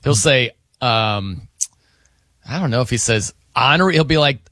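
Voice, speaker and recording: A man's voice: mid-range voice, expressive, normal speed, bright, forceful tone, dry recording. A middle-aged man hosting a radio show in casual chat, laughing often and mimicking how people say words.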